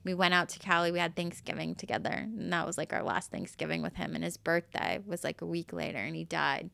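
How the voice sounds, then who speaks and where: A woman with a Boston accent talks as a guest in a relaxed interview about her work teaching breathwork. Her voice sits a little low but sounds bright and crisp. The recording is dry and close. She talks candidly, drifts between thoughts and swears without a second thought. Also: brisk, no echo. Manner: candid, swears freely, loose and rambling. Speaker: guest, yoga and breathwork facilitator. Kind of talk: casual interview chat.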